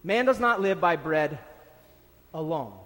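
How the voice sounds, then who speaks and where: High-voiced preacher in a reverberant hall. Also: male voice, lively intonation, unhurried, a bit bright. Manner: emphatic, repeats key phrases for stress. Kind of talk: sermon.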